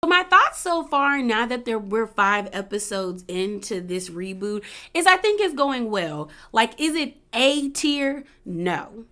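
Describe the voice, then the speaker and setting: A woman's voice: on the high side, measured pace, few pauses. Chatty woman recapping reality TV. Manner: chatty, opinionated, quotes others in animated asides. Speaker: recap commentator.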